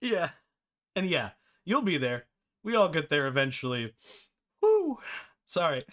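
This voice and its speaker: A man's voice: a little high, sing-song, moderate pace, fairly bright tone. A man hosting a live-streamed game development tutorial, chatty and self-deprecating, often breaking into laughter.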